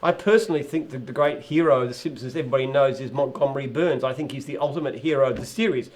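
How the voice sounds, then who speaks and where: A man's voice: medium pitch, fast talker, darkish tone. An Australian man, a company founder answering viewer questions in a casual live chat, with dry, self-mocking humour.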